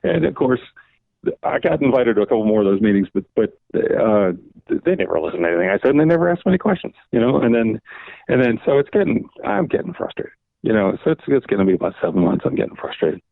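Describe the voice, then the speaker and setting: A man's voice: mid-range voice, very animated, fast talker, vocal fry, dry recording. An older man, a guest on an interview podcast, telling rambling anecdotes, often circling back with "so anyway" and acting out what others said. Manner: rambling anecdotes, repeats "so anyway", acts out quoted dialogue. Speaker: guest, veteran comics editor. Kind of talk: casual interview storytelling. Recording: dry tinny phone-like line.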